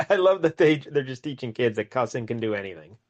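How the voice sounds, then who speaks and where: A man's voice: medium pitch, big pitch swings, moderate pace. A man co-hosting a casual comic book review podcast, making joking asides with frequent laughs. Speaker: podcast co-host. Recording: dull, lo-fi sound.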